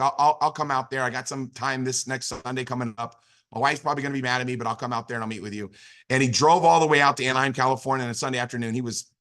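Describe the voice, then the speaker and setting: Fast, bright-voiced motivational man. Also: mid-range voice. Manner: animated, with frequent restarts and filler phrases. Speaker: business opportunity speaker. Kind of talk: motivational storytelling talk.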